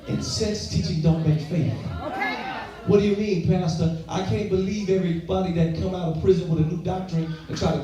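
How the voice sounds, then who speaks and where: A man preaching a sermon as pastor, telling his own story with call-and-response fervor. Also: sits high. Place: large church sanctuary. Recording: echoey church hall from far off with music.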